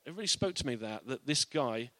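A man's voice: mid-range voice, animated, a little fast, a bit bright, dry recording. A man giving an informal, earnest Bible teaching in a conversational way.

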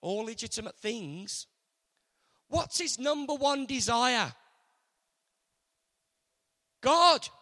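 A man preaching a sermon earnestly, moving between loud emphasis and hushed, intimate passages. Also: very high-pitched, animated, slow pace. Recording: long hall reverb.

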